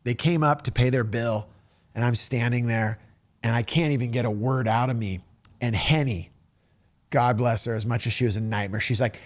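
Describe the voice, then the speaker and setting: A middle-aged man spins a casual personal story, his voice bouncing between quiet asides and sudden lively peaks. He acts out the people he met with quick shifts in tone, keeping an easy conversational pace. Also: medium pitch. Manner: animated, acts out quoted voices.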